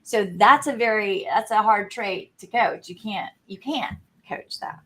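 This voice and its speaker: A woman who coaches, co-hosting a podcast in a relaxed, agreeable casual chat. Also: medium pitch, a little slow.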